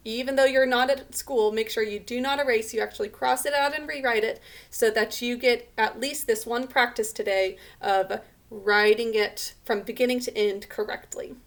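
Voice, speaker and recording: A woman teaching a remote spelling lesson to children, patiently sounding out words letter by letter. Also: fairly high pitch.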